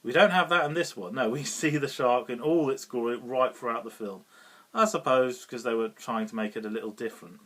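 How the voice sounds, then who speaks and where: A man's voice: medium pitch, brisk, a bit bright. A British man giving a casual, rambling film review, often chuckling and restarting his sentences. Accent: British English. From Britain.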